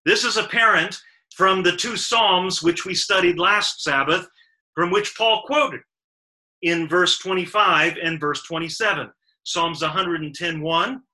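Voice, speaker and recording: A man with a very bright, ringing voice teaches a Sabbath Bible study. He walks through the verses methodically and leans hard on each word in a list. His voice sits a little high for a man. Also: low-quality recording. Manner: methodical, stressing lists of verbs with emphasis.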